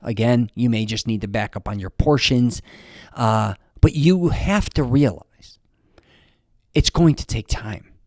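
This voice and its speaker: A man's voice: medium pitch, measured pace, darkish tone, no echo, clean studio sound. A man in his fifties giving blunt, rambling fitness advice straight to camera, swearing freely and restarting his sentences. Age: 50s. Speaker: fitness vlogger. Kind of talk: casual motivational talk to camera.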